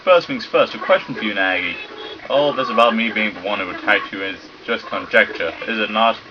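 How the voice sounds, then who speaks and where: A man's voice: on the low side, fairly quick, close to an everyday voice. A man doing a put-on accent while voicing a brash young male student who challenges others. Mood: challenging. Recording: dull lo-fi recording with steady noise.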